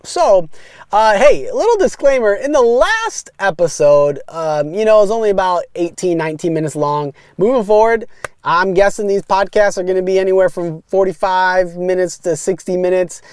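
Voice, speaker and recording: A man's voice: high voice, lively intonation, normal speed, a little mellow, clean tone, no echo, clean studio sound. A man in his thirties from Wisconsin, hosting a casual solo podcast in an upbeat, rambling way and talking straight to his listeners. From West Allis, Wisconsin, USA. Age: 30s. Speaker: podcast host.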